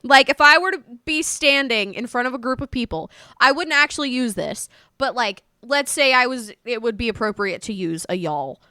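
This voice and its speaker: A woman from North Carolina with a North Carolina Southern accent, chatting casually with viewers on a live stream in a rambling, animated way. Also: on the high side, moderate pace, few pauses, clean tone, dry recording, studio quality.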